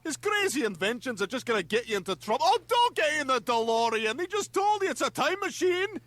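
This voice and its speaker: A cranky Scottish man rants at the television in a cartoon. His voice sits very high and leaps around as he scolds the people on screen. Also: very animated, brisk, no echo, exaggerated voice. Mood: ranting. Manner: scolding, ranting, shouting at characters on screen. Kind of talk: cartoon voice acting.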